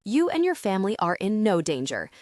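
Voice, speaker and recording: A woman reading the part of a male FBI agent, speaking dryly and calmly for an audiobook. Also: mid-range voice, fairly quick, dry recording. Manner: dry, bureaucratic calm. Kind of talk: audiobook character voice.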